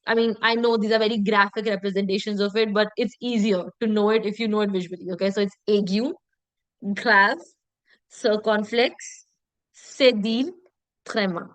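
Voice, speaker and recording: A woman's voice: mid-range voice, fairly even intonation, normal speed, dry recording, rough recording. A woman teaching French pronunciation in an online lesson. She repeats terms patiently and often checks in with her students by asking "okay?".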